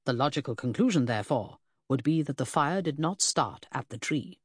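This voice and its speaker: A pedantic male detective, as a woman narrator reads him, laying out his reasoning in a precise, lecturing way. The voice is low and a little husky, with a dry, close sound. He stays cool and sardonic throughout. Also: lively intonation, moderate pace, dry recording, exaggerated voice.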